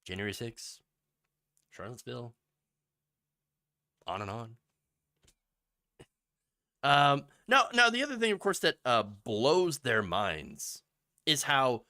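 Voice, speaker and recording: Bright, lively sarcastic male host. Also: medium pitch, slow, long pauses. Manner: mocking, sarcastic, with asides and laughs. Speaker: political commentary host. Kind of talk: sarcastic commentary over news clips.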